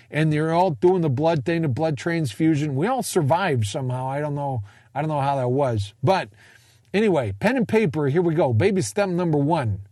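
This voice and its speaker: A man's voice: fairly high pitch, a little mellow, no echo. Rambling, jokey man with a dry sound. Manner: rambling, jokey, self-deprecating asides. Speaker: speaker sharing a personal finance story. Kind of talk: casual monologue talk.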